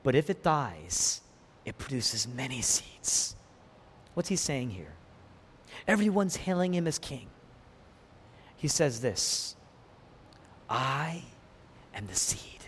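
Impassioned preacher with wide-ranging voice. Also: male voice, mid-range voice, sing-song, slow, pauses often, husky. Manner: dramatic preaching, swinging from hushed to loud. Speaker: pastor. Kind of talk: sermon. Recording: long hall reverb.

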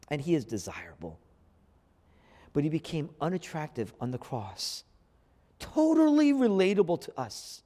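A man preaching a sermon as a pastor, swinging from loud emphatic peaks down to near-whispered lines. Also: fairly high pitch. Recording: long hall reverb.

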